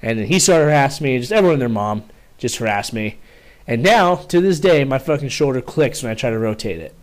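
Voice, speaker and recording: A man's voice: mid-range voice, expressive, quick pace. A young man telling a story casually to camera, rambling with restarts and frequent swearing. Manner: rambling, profane, many restarts. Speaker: vlogger.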